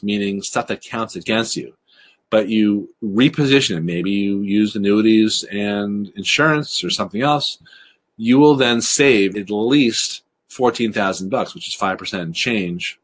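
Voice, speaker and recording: A man presenting a recorded webinar, talking quickly and explaining things briskly. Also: fairly low pitch. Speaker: webinar presenter on college financial aid.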